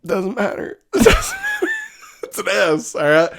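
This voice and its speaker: A woman's voice: mid-range voice, normal speed, gravelly, slightly rough. A woman co-hosting a podcast, chatting casually and breaking into laughter often. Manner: giggly, animated, keeps breaking into laughter. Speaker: podcast co-host. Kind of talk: casual chat.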